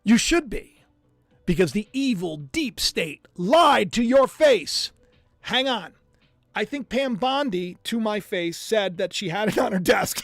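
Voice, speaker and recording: A man hosting a live stream, reacting to news clips in a mocking, animated way and humming as he thinks aloud. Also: very high voice, vocal fry, no room sound, soft background music. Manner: animated and mocking, muses aloud with drawn-out hums. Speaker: livestream host.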